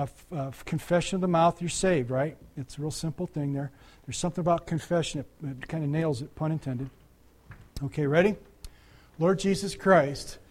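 An older man preaching a conversational sermon, talking to the congregation with frequent asides and restarts. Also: a little high. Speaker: pastor.

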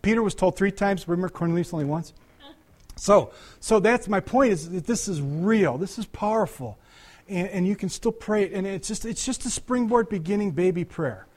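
A man's voice: high-pitched, normal speed, darkish tone. An older man preaching a conversational sermon, talking to the congregation with frequent asides and restarts. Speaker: pastor.

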